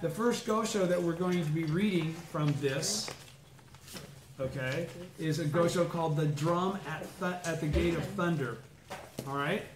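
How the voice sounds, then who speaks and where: A tired, out-of-breath man leading a study group, reading scripture slowly and adding short explanations as he goes. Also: a little high. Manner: reads slowly, adds short explanatory asides. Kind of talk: reading and lecturing on Buddhist scripture. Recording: echoey room with faint background noise.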